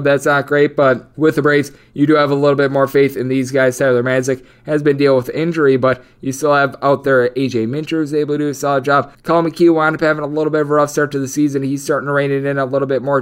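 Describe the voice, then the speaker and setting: A man giving a rapid, numbers-heavy baseball betting preview as a sports betting analyst. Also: medium pitch, smooth. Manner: rapid, numbers-heavy delivery with a recurring stock phrase.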